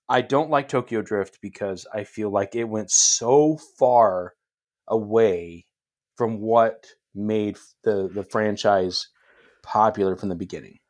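A man co-hosting a casual podcast, talking in an animated way, laughing often and restarting his sentences. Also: fairly low pitch, slow pace. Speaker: podcast co-host. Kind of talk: casual chat.

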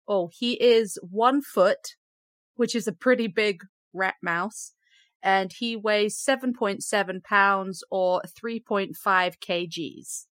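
A woman hosting a casual podcast, upbeat and quick to giggle as she reads out facts. Her voice sits at a middle pitch. The recording is dry and close. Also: fairly bright tone, dry recording. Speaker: podcast host. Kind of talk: casual chat presenting facts.

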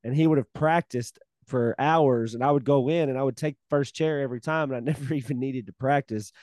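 A man's voice: mid-range voice, a little fast, no room sound. A man co-hosting a podcast, chatting casually and telling a personal story with loose restarts. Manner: relaxed storytelling with repeated starts and likes. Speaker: podcast co-host. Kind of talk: casual chat.

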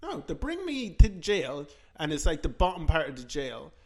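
A man's voice: fairly high pitch, wildly swooping pitch, normal speed. An Irish man hosting a podcast, telling a rambling, self-mocking story with lots of fillers. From Ireland. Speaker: podcast host. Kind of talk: casual comedic storytelling.

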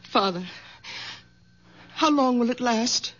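An actress playing a worried, firm adult daughter in a 1970s radio drama. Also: female voice, on the high side, takes it slowly. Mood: stern. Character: adult daughter, anxious and stern. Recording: dull lo-fi 1970s radio recording.

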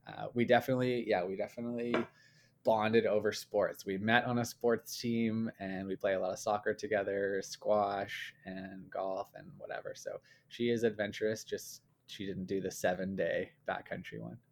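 A young man from Canada talks through his stories in a relaxed, chatty interview, dropping in fillers as he goes. His voice sits on the low side for a man. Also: normal speed, creaky. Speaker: guest. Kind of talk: casual conversational interview.

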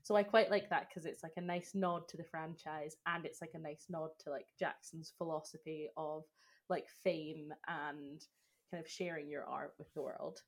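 A woman's voice: low voice, steady tone, moderate pace. A woman hosting a casual podcast chat, talking with lots of fillers and getting emotional. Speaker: podcast host.

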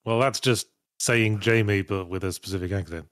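A man's voice: lowish voice, moderate pace, no room sound. A man hosting a casual podcast, reading out viewer messages with dry, sardonic asides. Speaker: podcast host reading superchats. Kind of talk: casual chat.

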